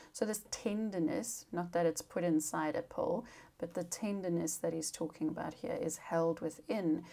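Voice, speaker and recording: Tired female teacher, low gravelly voice, dark tone, chatty vocabulary lesson. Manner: chatty, informal, with fillers and asides. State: tired, yawning. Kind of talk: casual recorded lesson.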